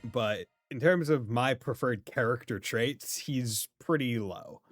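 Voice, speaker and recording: A man's voice: medium pitch, slow pace, soft background music. A man from Rhode Island with a light Rhode Island accent, streaming a game in casual, rambling chat, laughing often and swearing now and then. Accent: light Rhode Island New England. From Rhode Island, USA.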